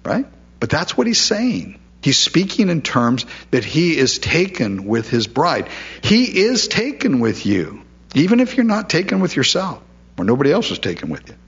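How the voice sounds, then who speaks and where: A man's voice: fairly high pitch, huge pitch swings, moderate pace, fairly bright tone, slightly rough, muffled recording. A man preaching a sermon in a conversational way, with frequent asides and quoted voices.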